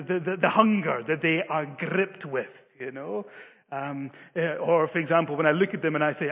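High-voiced preacher in an echoing hall. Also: male voice, husky. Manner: earnest, emphatic, stumbling restarts. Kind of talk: sermon. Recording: phone-like, long-reverb hall.

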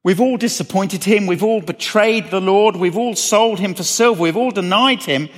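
A man's voice: sits high, moderate pace. A man preaching a sermon, earnestly asking questions and repeating phrases for emphasis. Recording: long reverb of a hall.

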